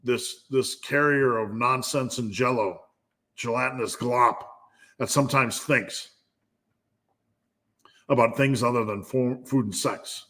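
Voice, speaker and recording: A man's voice: medium pitch, takes it slowly, long pauses, bright, forceful tone. A man hosting a live fitness Q&A, giving a blunt, profane pep talk. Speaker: fitness channel host.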